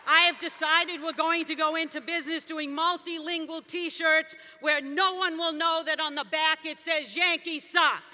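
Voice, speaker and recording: A woman gives a commencement speech in a very high, piercingly bright voice. She jokes and punches her lines to rouse the crowd, and long reverb from the big venue trails behind every phrase. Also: fairly even intonation, moderate pace, few pauses, a little hiss or hum. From Boston area, USA. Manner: jokey, emphatic, rousing the crowd. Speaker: commencement speaker.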